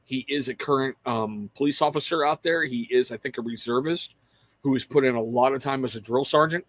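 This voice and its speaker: A man's voice: mid-range voice, a little fast, fairly bright tone, dry recording. A middle-aged man hosting a livestream, chatting casually and rambling to viewers, calling out their names and swearing freely. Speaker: livestream host.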